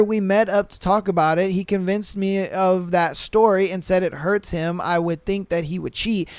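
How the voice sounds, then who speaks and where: Male podcast host, high voice, dry close mic, slangy and animated storyteller. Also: smooth, no echo. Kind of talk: reading and reacting to listener stories.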